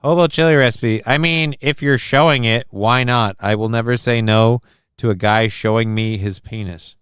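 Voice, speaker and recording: A man hosting a live stream, reading viewer messages aloud in a rambling, deadpan way with lots of fillers. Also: medium pitch, moderate pace, clean tone, no room sound, studio quality. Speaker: live-stream show host.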